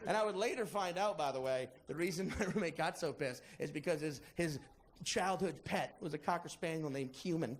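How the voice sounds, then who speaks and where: A man performing a stand-up comedy routine, telling a story with animated delivery and acting out the people in it. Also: fairly high pitch, a little fast, slight background noise. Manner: animated storytelling, acts out characters, shouts punchlines.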